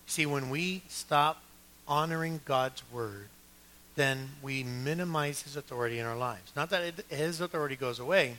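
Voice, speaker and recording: A man's voice: mid-range voice, moderate pace, sharp tone, slight background noise. A man preaching a sermon as pastor of a church, building emphasis through repeated phrases and asking listeners to take notes.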